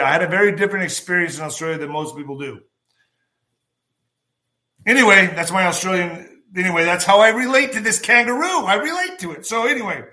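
A man hosting a show, telling a rambling, anecdotal story in a casual monologue and often clearing his throat. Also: high-pitched, sharp tone.

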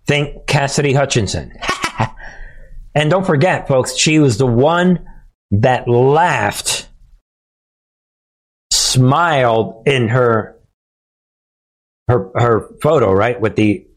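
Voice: mid-range voice, animated, takes it slowly, long pauses. A political commentator giving mocking commentary, sarcastic and often laughing, addressing the viewers as folks.

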